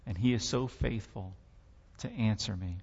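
A man's voice: on the low side, moderate pace, gravelly, a little mellow, husky, big-room sound, dull audio. A man giving a sermon testimony, telling his story with impassioned, dramatic swells.

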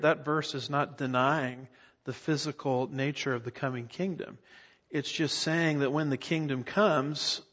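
A man's voice: mid-range voice, fairly bright tone, long reverb tail, highs cut off. A middle-aged man preaching an expository sermon, emphatic and often asking his listeners rhetorical questions. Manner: emphatic teacher, asks the congregation rhetorical questions. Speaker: pastor.

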